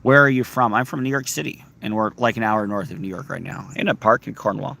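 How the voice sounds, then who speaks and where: Out in a park, a male livestreamer with a lowish, gravelly voice talks quickly in a fairly even intonation, his tone pushed and bright. He banters with viewers, reads their names and comments, and playfully sings bits of songs.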